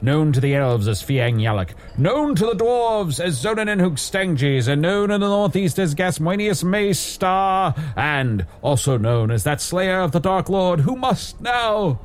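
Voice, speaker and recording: A man improvising a loud, pompous male wizard who talks in grand titles. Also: big pitch swings, a little slow, few pauses. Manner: booming, pompous, then meek. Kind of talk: improvised comedy role-play.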